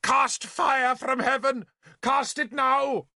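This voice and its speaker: A man voicing a self-pitying bishop who wails, pleads and snaps in a high, strained voice. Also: fairly even intonation, takes it slowly, bright, forceful tone, dry recording, clean studio sound, exaggerated voice. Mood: hysterical. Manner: wailing, melodramatic, pleading. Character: shrill, hysterical, self-pitying old bishop.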